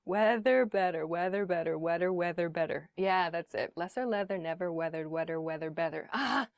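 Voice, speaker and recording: A woman on a casual podcast, talking playfully and trying tongue twisters out loud. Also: fairly low pitch, normal speed, clean tone, no room sound, studio quality. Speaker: podcast host played in class.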